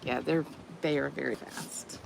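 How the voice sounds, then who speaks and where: A woman's voice: extremely low pitch, steady tone, measured pace, vocal fry, noisy background. A woman chatting casually on a live vlog outdoors, talking to her viewers and her pets. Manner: chatty, talks to her pets, laughs often. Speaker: vlogger. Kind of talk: casual live-stream chat.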